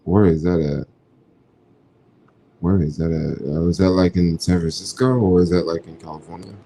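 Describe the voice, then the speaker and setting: A man from the United States talks in a relaxed, slangy way while reading out and answering viewer comments. His voice sits very low, with a gravelly fry and a dark, mellow tone. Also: normal speed. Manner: laid-back and slangy, thinks aloud. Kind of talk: casual livestream chat.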